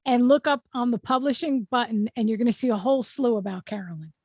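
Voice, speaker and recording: A woman with a high, bright-sounding voice hosts a casual talk show, bubbly and quick to jump in. Her voice is close and dry, with no room sound around it. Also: no room sound. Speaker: host. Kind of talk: casual interview chat.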